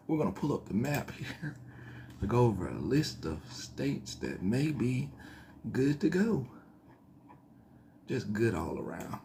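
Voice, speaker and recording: A man's voice: medium pitch, sing-song, takes it slowly, creaky, pauses often, noisy background. Rambling man hosting a casual news stream. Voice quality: slight twang put on in his voice. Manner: rambling, self-correcting, thinking aloud. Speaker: news show host. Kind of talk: casual solo news commentary.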